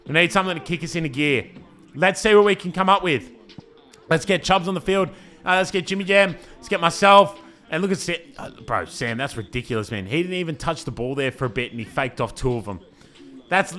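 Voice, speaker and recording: A man with an Australian accent giving casual, bantering play-by-play commentary over his own team's match footage. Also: high voice. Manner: laid-back banter, says "man" a lot, excitable on attacks.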